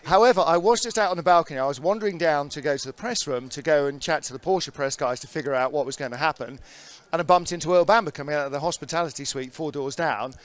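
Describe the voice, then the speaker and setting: A man working as a pit reporter, telling a lively anecdote in casual commentary chat and laughing as he goes. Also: a little high, fast. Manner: chatty, laughing storyteller.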